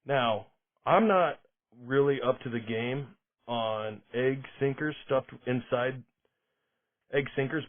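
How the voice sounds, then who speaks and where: A man hosting a podcast, talking through news stories in a rambling, self-interrupting way. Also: mid-range voice. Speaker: podcast host. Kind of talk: casual monologue. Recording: tinny phone-like sound.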